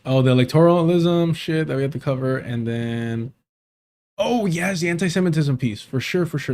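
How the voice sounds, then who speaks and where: A man's voice: a little high, moderate pace, a little mellow. A man hosting a livestream in casual chat, rambling and chuckling often as he talks. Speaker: livestream host.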